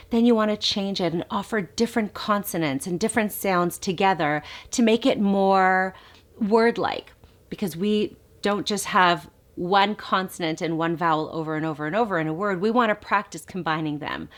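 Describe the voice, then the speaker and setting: A woman speech therapist giving calm, explanatory tips to parents, now and then modeling baby sounds in a sing-song. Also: mid-range voice, moderate pace. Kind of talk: instructional talk to parents.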